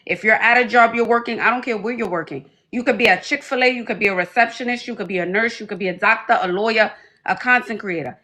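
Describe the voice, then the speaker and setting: Sassy high-voiced woman giving advice. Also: bright, forceful tone. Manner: sassy, emphatic, calls listeners honey and babe. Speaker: livestream advice host. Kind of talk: casual advice commentary.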